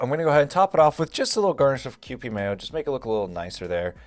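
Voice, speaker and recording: A young man hosting a home cooking video, walking through each step in a relaxed, chatty way. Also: mid-range voice, racing, few pauses, no echo, soft background music. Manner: relaxed, step-by-step instructions with frequent "gonna go ahead". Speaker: home cook and channel host. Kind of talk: casual cooking walkthrough. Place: home kitchen.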